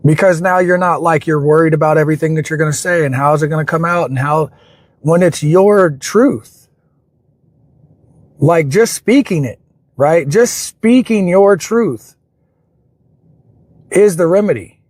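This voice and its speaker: A man's voice: fairly high pitch, measured pace, pauses often, no echo. A man with a slightly raised voice hosts a livestream and gives a reflective, motivational talk. He speaks earnestly and often loops back to repeat his phrases, and the sound is close and dry. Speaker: livestream host.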